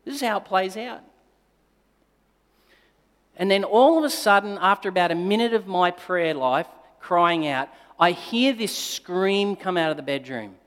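A male pastor telling a personal story in a sermon, moving between forceful emphasis and quiet, tender passages. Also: high voice, animated, moderate pace, hardly any pauses, clear, resonant tone. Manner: dynamic storytelling, swinging between loud emphasis and hushed, tender delivery. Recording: long reverb of a large hall.

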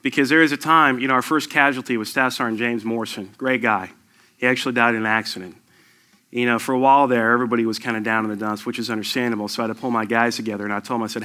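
A man's voice: medium pitch, fairly even intonation, quick pace, sharp tone. A middle-aged man, a military veteran, telling a personal war story to an audience in an emphatic, conversational way.

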